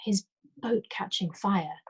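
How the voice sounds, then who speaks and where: A woman voicing an anxious, frightened grown woman who hesitates and falters, her voice turning shrill. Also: moderate pace, a little mellow, breathy edge. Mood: uneasy.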